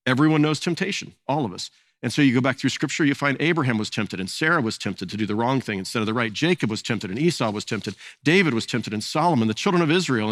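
A man's voice: medium pitch, a bit bright, no room sound. A man preaching a sermon as pastor, earnest and often repeating words as he searches for phrasing.

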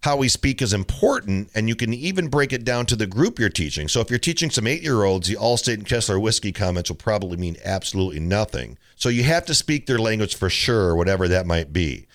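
Talking casually on his tennis coaching podcast, this middle-aged man relates anecdotes full of mimicked quotes. He speaks in a lowish voice, fairly quickly, barely pausing.

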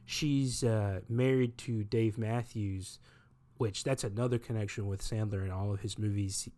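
A man's voice: lowish voice, fairly even intonation, a little slow, dark tone. A man hosting a podcast, chatting casually about movies in a rambling, self-correcting way and laughing at his own retellings. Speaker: podcast host. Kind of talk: casual movie-talk monologue.

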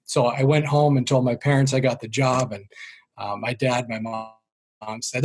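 Middle-aged man, Boston accent, husky voice, storytelling guest, self-deprecating jokes. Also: mid-range voice, flat delivery, normal speed. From Boston area. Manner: self-deprecating, jokey, drops voice for quoted parents. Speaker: sales trainer, guest. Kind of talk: storytelling interview.

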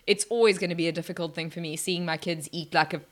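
A woman's voice: lowish voice, fairly even intonation, quick pace. A woman, chatting casually as a podcast guest, laughing often and restarting her sentences. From South Africa. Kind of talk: casual chat.

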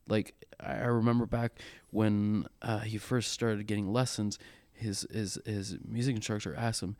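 Earnest halting man, dry close sound. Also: fairly low pitch, level tone, a little mellow, no room sound. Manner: earnest, halting with frequent restarts. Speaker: church worship leader. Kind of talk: candid conversational storytelling.

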